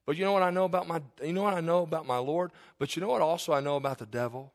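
A man's voice: a little high, racing, hardly any pauses. A middle-aged male pastor preaching a sermon, conversational and candid, with rhetorical questions. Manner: confessional, candid storytelling.

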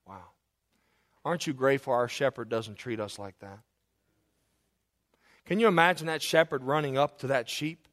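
A man's voice: medium pitch, normal speed, long pauses, fairly bright tone. A male preacher delivering a sermon, asking his listeners rhetorical questions, repeating phrases and building to passionate climaxes.

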